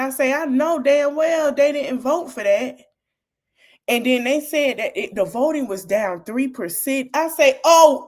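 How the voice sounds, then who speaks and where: A woman hosting a podcast, talking to her audience in an animated, casual way about politics and laughing often. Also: a little high. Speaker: podcast host.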